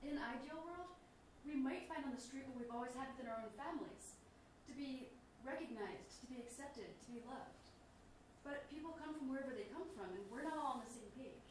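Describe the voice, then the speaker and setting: An actress on stage playing a calm, thoughtful young woman speaking in a measured way. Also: high-pitched, recorded from a distance, natural voice. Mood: earnest. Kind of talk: stage play acting. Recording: echoey theater with room noise.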